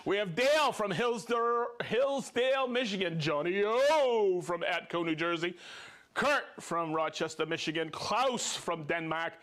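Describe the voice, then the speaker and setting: A man's voice: high-pitched, expressive, measured pace, fairly bright tone. A man hosting a live tool show, chatting casually, demonstrating gear and cheerfully reading out viewer names. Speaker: show host demonstrating tools.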